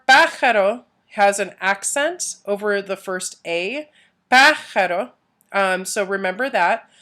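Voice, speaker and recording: A young woman teacher giving a recorded review for a Spanish test, relaxed, with many "um" fillers, repeating key points and saying Spanish words with a Castilian accent. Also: medium pitch. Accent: Castilian Spanish when speaking Spanish.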